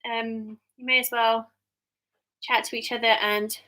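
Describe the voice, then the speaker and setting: A woman's voice: on the high side, little pitch movement, a little slow, sharp tone, rough recording. An English woman in her thirties chatting casually on a live stream, rambling with many ums and restarts. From England. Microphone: webcam or phone mic on a live stream.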